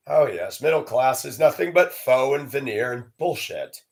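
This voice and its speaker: A man's voice: a little high, moderate pace, creaky, hardly any pauses. A man telling a sarcastic, profane story as a ranting monologue to camera. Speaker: vlogger.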